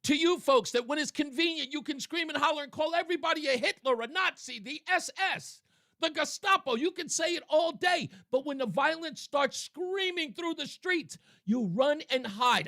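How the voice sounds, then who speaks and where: A man's voice: extremely high pitch, animated, normal speed, pushed and bright, no echo. A male talk radio host giving sarcastic, mocking political commentary on a studio mic.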